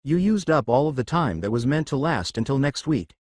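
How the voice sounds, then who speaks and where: Man voicing an exasperated teen boy in a fan story, lively pitch, dry close sound. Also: a little fast, no echo, close to an everyday voice. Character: angry young male student scolding.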